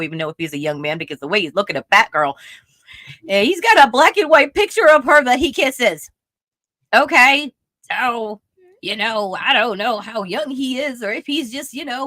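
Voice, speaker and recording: A woman co-hosting a podcast, chatting in an animated, exasperated way with lots of fillers. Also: medium pitch, no room sound, studio quality. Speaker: podcast co-host. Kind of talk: casual chat.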